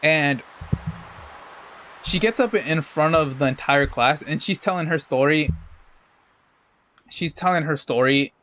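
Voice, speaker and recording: A man's voice: a little high, measured pace, pauses often, a bit bright. Laid-back streamer man, swearing freely. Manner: profane, rambling, laid-back. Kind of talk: casual storytelling while gaming.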